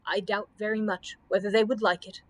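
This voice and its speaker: A woman's voice: medium pitch, flat delivery, a little fast, lightly acted. A woman voicing a fussy, nervous male camel with a wheezing manner. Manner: wheezing, fretful.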